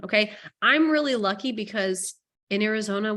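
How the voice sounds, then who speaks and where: A woman's voice: mid-range voice, fairly bright tone. Chatty woman coaching at a rush. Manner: chatty and joking, rushing through points. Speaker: real estate coach. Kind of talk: casual training presentation.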